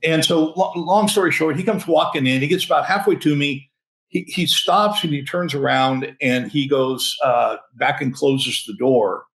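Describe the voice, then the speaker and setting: A man in his sixties, a senior pastor, telling a story in an interview, animated, chuckling and restarting often. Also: a little high, normal speed, poor audio.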